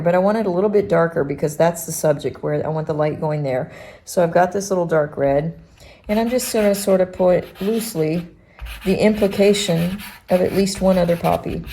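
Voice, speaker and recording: Woman art instructor, low mellow voice, halting and thinking aloud during a demo. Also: creaky. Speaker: art teacher demonstrating pastel painting. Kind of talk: unscripted painting demonstration.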